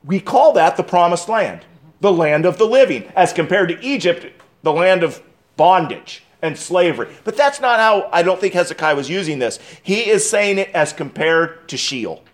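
High-voiced man preaching with emphasis. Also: animated. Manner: emphatic preaching with dramatic pauses and restarts. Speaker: pastor. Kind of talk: expository sermon.

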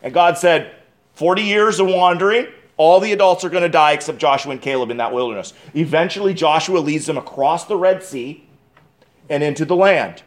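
A man delivering an expository sermon as pastor, preaching emphatically with dramatic pauses and restarts. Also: a little high.

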